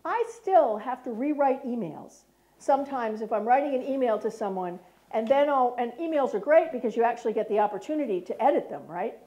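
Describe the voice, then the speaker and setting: A woman's voice: a little high, expressive, a little fast, warm tone, lo-fi sound. A middle-aged American woman giving a lecture, often checking in with the audience by asking "right?". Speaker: speaker. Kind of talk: lecture talk.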